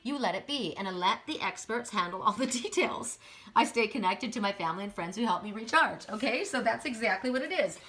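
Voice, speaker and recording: A woman's voice: medium pitch, lively intonation, fairly quick, a bit bright. A middle-aged woman doing a casual spiritual card reading. She talks in a chatty way, often repeats words and keeps adding "right?". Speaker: oracle card reader.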